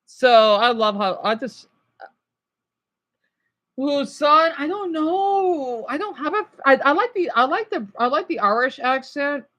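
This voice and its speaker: A woman's voice: sits high, very animated, unhurried, fairly bright tone. A woman streamer chatting casually over clips, rambling with many restarts.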